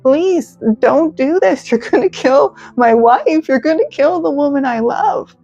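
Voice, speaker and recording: A woman's voice: high-pitched, lively intonation, measured pace, dark tone, voice pushed up. A woman voicing a desperate merman who begs for his wife's life in a raised, frantic voice, over dull audio with faint music. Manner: frantic, pleading. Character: desperate merman husband pleading for his wife.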